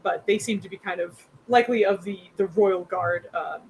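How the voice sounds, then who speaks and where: A woman's voice: medium pitch, moderate pace, a little hiss or hum, rough recording. A young woman narrating as game master in a rambling, filler-heavy, giggly way.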